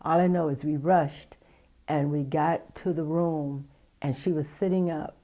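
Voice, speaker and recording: A middle-aged woman, a mother, giving halting, emotional testimony in an interview and retelling the conversations she had. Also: deep voice, steady tone, mellow, rough recording.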